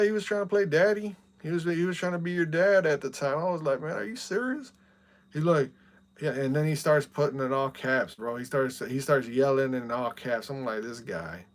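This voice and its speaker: A man's voice: mid-range voice, fairly even intonation, brisk. A young man streaming and chatting casually, venting with heat and repeating "bro" and "man" a lot. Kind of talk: casual chat.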